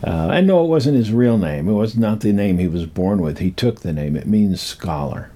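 An older man telling a rambling personal story from his youth, halting and full of pauses and restarts. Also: fairly low pitch, lively intonation, warm tone, slight background noise.

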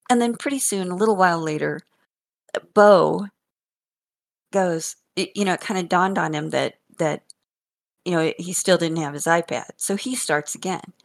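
In a relaxed chat, an older woman shares amusing tales of her grandkids, lively, frequently laughing and repeating herself. She speaks in a lowish, creaky voice.

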